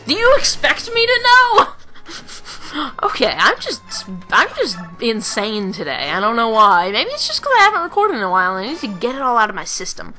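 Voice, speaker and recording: A woman's voice: on the high side, sing-song, moderate pace, pushed and bright, faint music behind. A woman giving casual, rambling gameplay commentary, joking at her own expense and giggling often. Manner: rambling, self-mocking, giggly. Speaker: let's play commentator.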